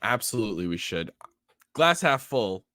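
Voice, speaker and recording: Guy joking around at a tabletop game, bouncy lively pitch, dry close mic. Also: normal speed, no room sound. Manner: jokey, laughs often, lots of "like". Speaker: player. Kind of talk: casual tabletop role-play.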